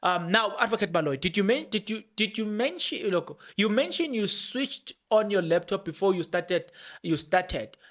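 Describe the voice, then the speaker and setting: A podcast host gives loose, conversational commentary on a court case. The host talks on without pause, often repeating words and restarting sentences. Now and then the host reads out passages from documents. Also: mid-range voice, lively intonation, fairly bright tone. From South Africa. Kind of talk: casual commentary on court proceedings.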